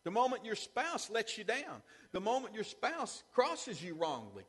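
A man's voice: high voice, very animated, normal speed, few pauses, fairly bright tone, breathy edge, long reverb tail. A man preaching a sermon as pastor, with call-and-response asides to the congregation. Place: church sanctuary.

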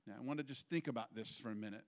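A man preaching a sermon to a church congregation, halting with fillers and restarts, his voice lifting higher and louder when he presses a point. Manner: rises in pitch and force when making a point. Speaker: pastor.

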